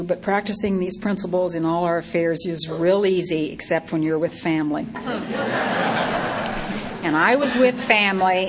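An older woman sharing her recovery story as a personal testimony, lively and acting out her own past thoughts in quotes. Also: lowish voice, slight background noise.

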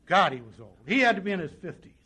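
High-voiced man telling his recovery story. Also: sing-song, quick pace, sharp tone, a little hiss or hum. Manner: folksy storytelling with quoted dialogue. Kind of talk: personal testimony to an audience.

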